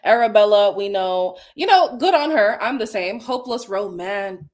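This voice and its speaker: A woman's voice: medium pitch, normal speed. A woman guesting on a podcast, chatting casually and giving strong opinions with acted-out quotes. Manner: opinionated, animated, acts out quotes. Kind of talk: casual reality-TV recap chat.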